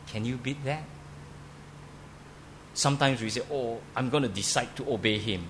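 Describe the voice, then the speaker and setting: Male pastor, mid-pitched, preaching with emphatic rises and stumbling repeats; faint noise behind. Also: unhurried, a bit bright. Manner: emphatic, repeats words, stammering restarts. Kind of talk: sermon. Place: church.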